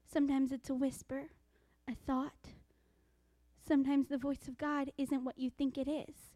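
A woman preaching a sermon, reading scripture slowly and dropping into hushed whispers for emphasis. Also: high voice, level tone, dry recording. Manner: quotes scripture in a slow, deliberate voice.

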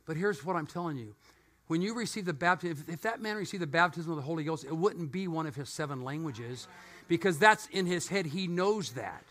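Lively bright-voiced male preacher. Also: fairly high pitch, moderate pace. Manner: animated storytelling with joking asides. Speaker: pastor. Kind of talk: sermon.

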